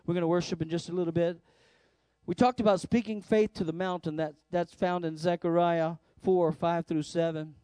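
A man preaching a sermon as the pastor of a church service, emphatic, swinging between loud declarations and hushed lines. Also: a little high, little pitch movement, moderate pace, clean tone, dry recording, clean studio sound. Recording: faint music behind.

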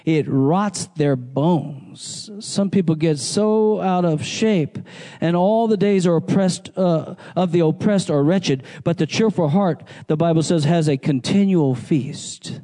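Male pastor, animated sermon, high pitch, mellow tone. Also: slow. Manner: animated preaching, calls to the congregation.

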